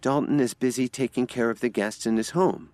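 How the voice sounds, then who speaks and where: A man's voice: fairly even intonation, a little fast, dry recording, close to an everyday voice. Man putting on Lily, a shy young woman. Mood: explaining. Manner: soft, pleading, high-pitched.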